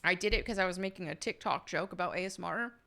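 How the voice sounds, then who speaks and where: A woman's voice: on the low side, fast talker, gravelly, bright, forceful tone. A woman with a slight Southern American accent, from upstate New York, chatting casually as she reads out and answers her viewers' questions with frequent laughs. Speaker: YouTuber answering member questions. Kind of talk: casual chat.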